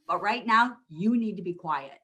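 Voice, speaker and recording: A woman voicing her exasperated husband, a middle-aged man, in a flat, patient, quietly fed-up way. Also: high voice, moderate pace, heavily acted. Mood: weary.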